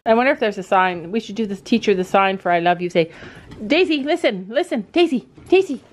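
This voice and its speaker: A middle-aged mother who vlogs is chatting casually outdoors at a barn for a family vlog, speaking in an animated, fairly quick way with slight background noise. She's chatty and talks to her dogs and horses in a high, playful voice.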